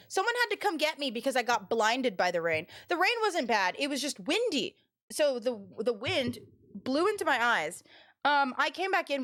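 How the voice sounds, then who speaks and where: A young adult woman streamer telling stories to her chat in an animated way, laughing and restarting her sentences. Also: high voice. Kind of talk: casual storytelling to chat.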